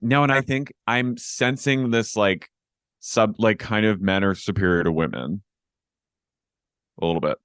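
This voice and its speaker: Deep, smooth-voiced gossiping man. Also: measured pace, long pauses, fairly bright tone, no echo, clean studio sound. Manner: rambling, filler-heavy, gossipy. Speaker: podcast co-host. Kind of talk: casual reality-TV recap chat.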